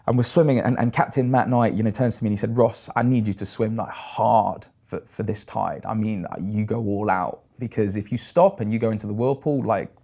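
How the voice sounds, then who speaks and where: Animated British man telling stories. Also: fairly low pitch, fairly quick, creaky, few pauses. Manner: animated storyteller, acts out quoted voices. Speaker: guest, long-distance swimmer. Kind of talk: casual storytelling interview.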